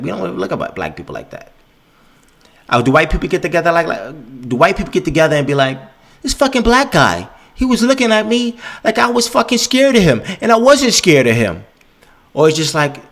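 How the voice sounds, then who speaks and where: A man rants on his podcast, swearing freely and slipping into mock voices for the people he quotes. His voice sits a little high for a man. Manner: profane, animated, acts out quoted voices. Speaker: podcast host. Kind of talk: casual podcast rant.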